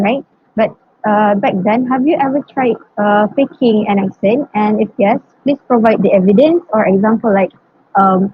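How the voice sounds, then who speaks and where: Husky young woman interviewer. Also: mid-range voice, muffled recording. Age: young adult. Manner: hesitant, with fillers. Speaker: student interviewer. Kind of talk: asking interview questions.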